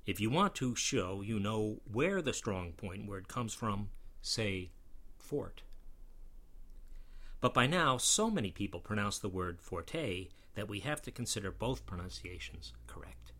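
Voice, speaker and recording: A man's voice: on the low side, very animated, normal speed, hardly any pauses, a bit bright. A man giving a scripted lesson on word pronunciation, with dry, wry humor and emphatic stress on key words. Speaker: pronunciation lecturer. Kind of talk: scripted educational narration.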